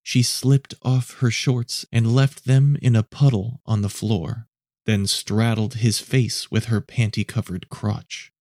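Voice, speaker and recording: A man narrating a scripted story in a measured, low-key way. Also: steady tone, a little mellow, no echo, clean studio sound.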